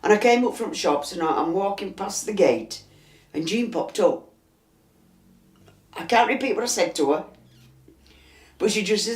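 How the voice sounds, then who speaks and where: A woman's voice: on the low side, animated, normal speed, long pauses, a little mellow. An older woman with a Yorkshire accent and a chesty cough, telling a story inside her house and acting out the dialogue as she goes. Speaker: resident interviewee. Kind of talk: storytelling interview. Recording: roomy echo.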